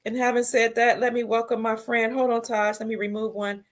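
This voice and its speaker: A woman's voice: a little high, little pitch movement, a little fast. Emotional woman hosting a livestream. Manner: emotional, swings between soft and loud. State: tearful. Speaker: livestream host. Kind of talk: casual livestream chat, reading viewer comments.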